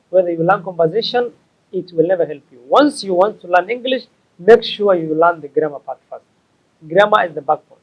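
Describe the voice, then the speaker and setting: Man, high voice, English lesson, repeats and corrects himself. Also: rough recording. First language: Somali. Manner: slow, repetitive, stops to correct himself. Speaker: English teacher. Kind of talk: explaining tips to learners.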